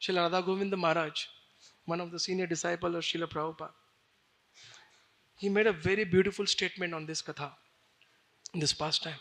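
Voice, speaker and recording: A man preaching a devotional sermon as an animated, emotional storyteller. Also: high voice, fast talker, long pauses.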